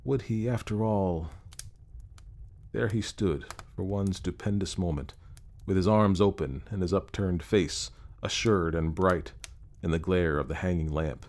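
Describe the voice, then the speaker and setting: Male audiobook narrator, low voice, measured dramatic storytelling. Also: a little mellow. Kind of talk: scripted narration.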